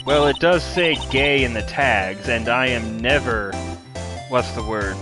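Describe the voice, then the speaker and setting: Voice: mid-range voice, a little slow. A streamer giving blunt, candid live game commentary, swearing freely. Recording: stream audio with game music behind.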